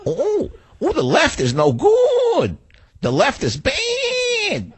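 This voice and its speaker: A man mimicking a hysterical talk show host who squeals in a shrill, high voice. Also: huge pitch swings, very slow, no room sound, exaggerated voice. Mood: shrill mocking.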